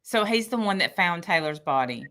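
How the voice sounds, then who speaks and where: Chatty woman with a bright, lower voice. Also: expressive, normal speed. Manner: chatty, recaps from notes, wry. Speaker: podcast co-host. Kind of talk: casual chat recapping trial testimony.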